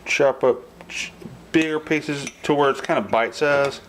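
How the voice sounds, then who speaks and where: A man's voice: medium pitch, unhurried. A man hosting a casual home cooking video, rambling with lots of fillers and restarts in his kitchen. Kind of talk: casual cooking vlog talk. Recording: noisy home kitchen recording. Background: clattering dishes and cutlery.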